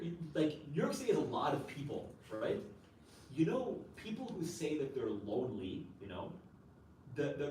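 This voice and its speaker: A man's voice: mid-range voice, darkish tone. Man chaplain talking in a roomy hall. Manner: conversational, leans on "like" and "you know", rhetorical "right?". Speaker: chaplain and guest speaker. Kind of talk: answering an audience question at a campus talk. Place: campus event room. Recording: roomy, distant, faint noise.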